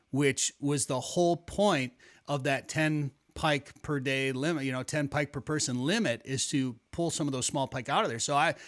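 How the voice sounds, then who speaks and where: A man hosts a casual podcast chat. His voice is bright and forward, and he rambles through stories with plenty of restarts. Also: a little high. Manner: rambling storytelling with many restarts. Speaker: podcast host. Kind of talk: casual conversational interview.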